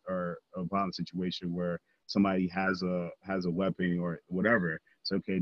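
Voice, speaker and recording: A man's voice: low voice, no room sound, highs cut off. A man co-hosting a podcast, talking earnestly in a casual discussion, with lots of fillers and restarts. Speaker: podcast co-host.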